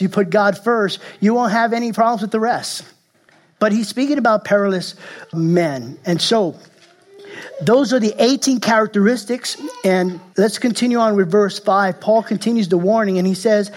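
High-voiced man preaching a sermon. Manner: repeats and restarts phrases, emphatic, jokes at himself. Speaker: pastor.

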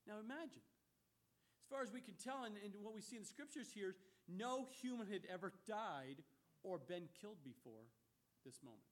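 A man preaching a sermon in an animated, emphatic way, mixing casual slang into his teaching. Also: sits high, normal speed.

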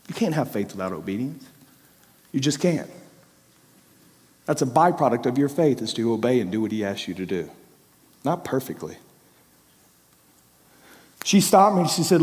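A man's voice: big pitch swings, moderate pace, long pauses. Man preaching in a reverberant hall. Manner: emphatic storytelling with repeated phrases; swings between raised bursts and hushed, low passages. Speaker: preacher giving his testimony. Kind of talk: sermon testimony. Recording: long reverb of a large hall.

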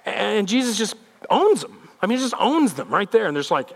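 A man's voice: sits high, very animated, moderate pace. A male pastor giving a sermon in an emphatic, conversational way, repeating points for weight.

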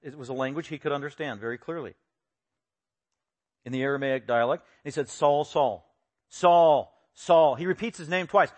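A man preaching an expository sermon, lively and acting out the voices he quotes with sudden loud bursts. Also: mid-range voice, a little fast, pauses often. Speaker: pastor.

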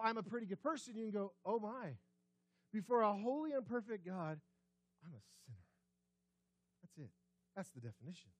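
A man preaching a sermon as pastor, conversational, asking the congregation questions and dropping his voice low and quiet for emphasis. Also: no room sound. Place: church sanctuary.

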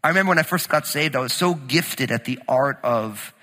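Animated New pastor preaching in a hall. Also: male voice, medium pitch, fairly quick. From New Jersey. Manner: animated, storytelling, shifts between quiet scripture reading and emphatic teaching. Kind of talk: sermon.

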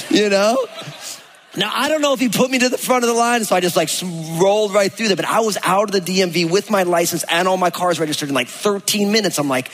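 A pastor from New Jersey giving a sermon, telling stories in a chatty way and acting out quotes. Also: male voice, sits high, quick pace. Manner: chatty storytelling, acts out quotes. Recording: long hall reverb.

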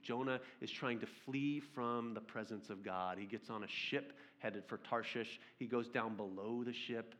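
A male pastor preaching a sermon, reading scripture aloud and retelling it as lively storytelling with questions to his listeners. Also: mid-range voice, unhurried, few pauses.

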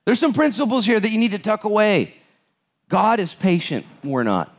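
A man preaching a sermon as pastor, animated, acting out the people in the Bible passage with jokes. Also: high voice, normal speed.

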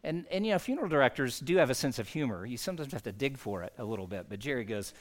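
A man's voice: medium pitch, lively intonation, very fast. A man, a pastor, preaching a sermon in an earnest, conversational storytelling way.

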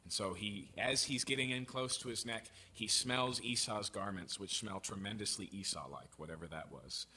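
Husky-voiced man preaching verse by verse. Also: fairly low pitch, moderate pace, hardly any pauses. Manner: reads scripture aloud then explains it, animated and conversational. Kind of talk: expository sermon.

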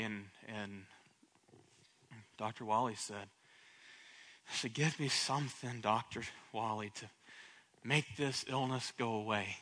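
A man pastor preaching a sermon with impassioned delivery that swings between hushed and loud, often repeating words as he starts a phrase. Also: mid-range voice.

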